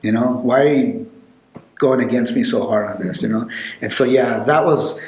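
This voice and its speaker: A man spins casual stories in a loose, rambling way, full of fillers. His voice sits at a middle pitch, and the room gives it a noticeable echo. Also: moderate pace. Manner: rambling, animated storytelling with many fillers. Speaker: podcast guest telling stories. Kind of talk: casual storytelling. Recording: echoey room.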